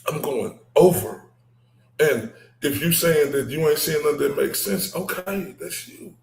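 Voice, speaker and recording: A man from Dallas, hosting a casual livestream chat, animated and laughing, ending points with "right?". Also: on the high side, unhurried, vocal fry, echoey room. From Dallas, Texas. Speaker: livestream host.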